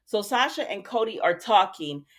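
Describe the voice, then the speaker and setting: A woman's voice: medium pitch, lively intonation, normal speed, fairly bright tone. A woman hosting a casual recap, chatty, retelling scenes and quoting the characters. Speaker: soap opera recap host.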